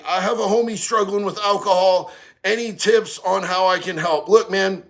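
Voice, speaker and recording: Gravelly, slangy man on a livestream. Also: sits high, fairly bright tone. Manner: slangy, streetwise, says bro a lot. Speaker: livestream host reading chat. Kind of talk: casual livestream chat.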